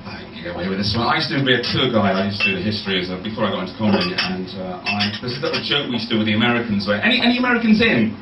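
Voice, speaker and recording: A male stand-up comedian doing crowd work, teasing audience members with quick questions between jokes. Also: on the low side. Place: comedy club stage. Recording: echoey distant live club recording.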